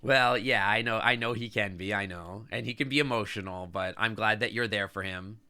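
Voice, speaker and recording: A man's voice: on the low side, a little fast, pushed and bright, clear, resonant tone. A man streaming live, chatting casually and sentimentally to his chat, rambling with lots of "like" and "I don't know". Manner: reads and answers chat as he talks.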